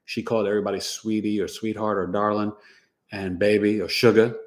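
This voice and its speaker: Man telling lively family stories. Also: fairly low pitch, fairly quick. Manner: animated, laughing anecdotes with sound effects. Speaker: podcast host and astrologer. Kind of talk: casual storytelling chat.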